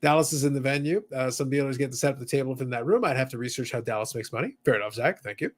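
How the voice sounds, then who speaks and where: A man's voice: medium pitch, racing. A man hosting a hobby podcast in casual chat, reading viewer comments aloud between thoughts. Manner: chatty, reads viewer comments aloud, many fillers. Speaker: podcast host.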